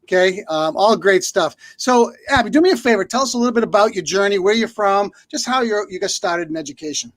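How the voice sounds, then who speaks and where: A man's voice: sits high, brisk, hardly any pauses, no room sound. A man with a Boston accent, a school principal co-hosting a live-streamed talk show, long-winded and upbeat. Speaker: middle school principal, co-host.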